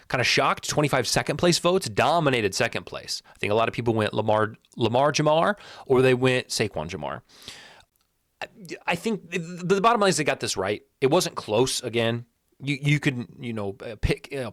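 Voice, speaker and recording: A man hosting a casual sports commentary video, blunt and animated, often restarting and repeating words when worked up. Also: medium pitch, no room sound, studio quality.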